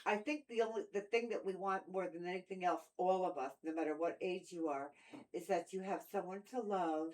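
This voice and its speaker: A woman's voice: on the low side, brisk, darkish tone, low-quality recording. An older woman in casual conversation, telling long personal stories, acting out quoted voices and talking often about God. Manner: storytelling with acted-out quotes, preachy about God. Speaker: stepmother in family talk.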